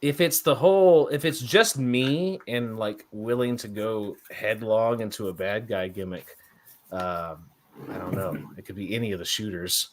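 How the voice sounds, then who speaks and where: A man's voice: on the low side, fairly bright tone. Guy in his 30s rambling thru wrestling stories, laughs a lot, casual chat. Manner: laughs often, rambling storyteller. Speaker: guest wrestler.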